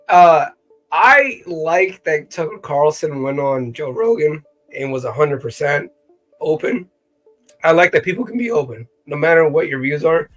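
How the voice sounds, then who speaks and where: A man co-hosting a casual live-stream chat, animated and playful, often slipping into impressions. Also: a little high. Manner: animated, playful, jumps into voices. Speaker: co-host.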